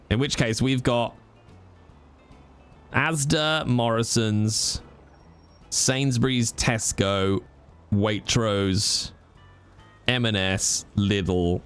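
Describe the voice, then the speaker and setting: Lively-voiced British man chatting with viewers. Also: medium pitch. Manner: chatty, joking. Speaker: streamer. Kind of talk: casual chat with viewers.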